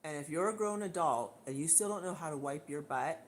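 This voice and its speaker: A woman hosting a livestream rants bluntly and indignantly straight into her camera mic, often repeating her points. Her voice is deep and brisk, with slight background noise.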